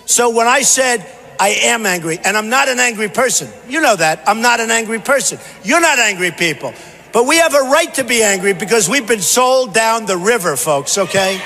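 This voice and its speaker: A man's voice: high voice, expressive, normal speed, bright, forceful tone. A man giving a campaign rally speech as a candidate, boastful and repetitive in punchy bursts. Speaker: political candidate. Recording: reverberant hall, faint background noise.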